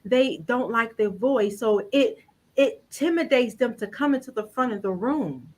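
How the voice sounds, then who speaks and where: A woman personal branding coach with a high, light voice, speaking emphatically in a preacherly cadence. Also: expressive, normal speed, low-quality recording. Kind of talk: inspirational coaching talk.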